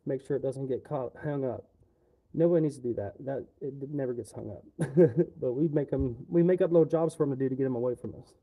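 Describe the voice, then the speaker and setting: Dark-voiced man ranting casually. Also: medium pitch, quick pace, hardly any pauses. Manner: profane, rambling complaints. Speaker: livestreamer.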